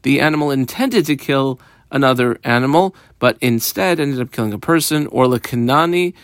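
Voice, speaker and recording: A man teaches a Talmud page, translating each phrase as he goes. His voice sits at an ordinary middle pitch, and the recording is dry and close, with no room sound. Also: normal speed, no room sound. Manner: explains each Aramaic phrase in English, steady teaching cadence. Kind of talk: daf yomi Talmud lesson.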